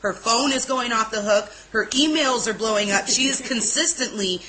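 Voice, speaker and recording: A woman's voice: a little high, moderate pace, bright, forceful tone, poor audio. A woman telling a personal story in a casual interview, candid and emotional, blunt at times.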